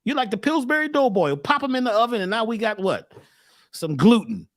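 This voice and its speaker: Brief: preachy motivational man, punning and cursing, lively swinging delivery, dry close sound. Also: very high-pitched, fairly quick, no echo. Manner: animated, preachy, punning and profane. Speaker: speaker and workshop teacher. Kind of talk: motivational lecture on a call.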